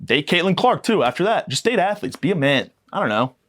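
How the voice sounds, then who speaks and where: A man's voice: on the high side, sing-song, brisk, fairly bright tone, slight background noise. A young man hosting a podcast, delivering a profane, mock-aggressive comedic rant that rambles from point to point. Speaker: podcast host.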